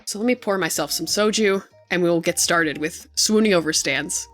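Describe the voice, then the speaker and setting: Gushing and excitable, this young woman streamer laughs often and swears without restraint into her desk mic during casual live-stream chat. She speaks at a normal speed in a lowish voice, with faint music in the background.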